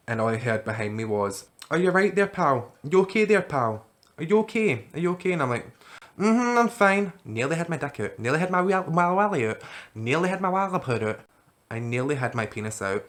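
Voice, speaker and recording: A man's voice: on the low side, fairly bright tone. A young man from Scotland with a Glaswegian accent, chatting casually to camera as a vlogger and telling a night-out story with plenty of swearing.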